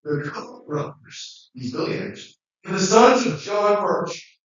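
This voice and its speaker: A man's voice: high voice, animated, takes it slowly. A man giving a classroom lecture in a rambling, conversational way, with many fillers and restarts. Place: lecture room. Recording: muffled, very echoey, distant.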